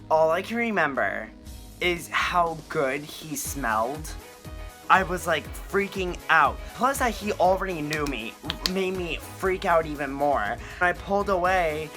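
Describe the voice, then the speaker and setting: Gushing young man, bright voice. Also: fairly high pitch. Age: young adult. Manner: excitable, gushing, fast bursts of retelling. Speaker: vlogger. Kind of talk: casual storytime vlog.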